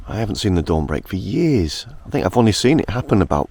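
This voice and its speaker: A man with a hoarse morning croak, chatting casually to camera outdoors while hiking. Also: low voice, fast talker, no room sound. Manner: chatty, relaxed, talks to camera. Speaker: vlogger. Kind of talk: casual outdoor vlog narration. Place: outdoors on open moorland.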